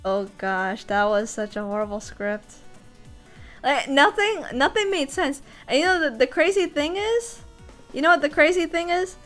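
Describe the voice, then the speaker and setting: High-voiced woman chatting on stream. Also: moderate pace, soft background music. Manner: animated, laughs often, restarts sentences. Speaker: voice actor and streamer. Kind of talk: casual livestream chat.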